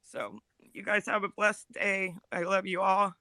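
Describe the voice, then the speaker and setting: A woman speaking emotionally in a live audio chat room, halting and apologetic, close to tears. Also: mid-range voice, little pitch movement, sharp tone, no room sound. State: upset, near tears. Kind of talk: emotional personal testimony.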